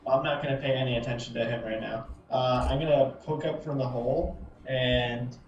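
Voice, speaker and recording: A man playing a tabletop game who talks in a relaxed, laid-back way and calls out his dice rolls. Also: medium pitch, normal speed, slight background noise. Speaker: player. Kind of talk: casual tabletop play. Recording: roomy, distant, muffled call audio.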